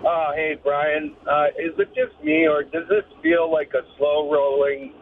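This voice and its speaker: A man's voice: a little high, level tone, unhurried, phone-quality sound, faint music behind. A man joining a radio show with dry, teasing jokes. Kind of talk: joking radio banter.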